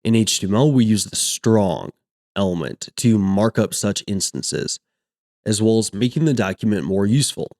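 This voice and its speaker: Man teaching web code, lowish voice. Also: normal speed. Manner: steady explanatory, reads examples aloud. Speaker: coding tutor. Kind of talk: screen-recorded coding lesson.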